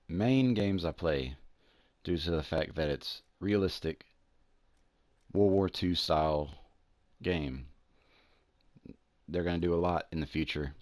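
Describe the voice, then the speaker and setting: A low-voiced man with a Southern US accent rambles casually while he plays, trailing off and restarting his sentences. The sound is dry and close, with no room echo. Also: darkish tone. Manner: rambling, restarts, drawn-out words. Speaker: gaming channel host. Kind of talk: casual gameplay commentary.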